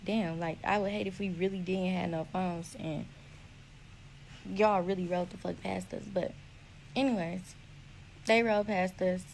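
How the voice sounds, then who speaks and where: A young woman telling her own story in a blunt, profane, animated way. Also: fairly low pitch, a little slow, gravelly, pauses often, a little hiss or hum, low-quality recording. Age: young adult. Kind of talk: casual storytelling.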